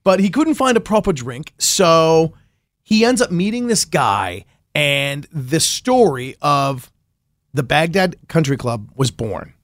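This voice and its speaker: A man's voice: on the high side, sing-song, takes it slowly, fairly bright tone, no room sound, studio quality. Enthusiastic man telling a story on radio. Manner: enthusiastic storyteller, laughs often. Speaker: podcast host and reporter. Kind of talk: casual radio interview chat.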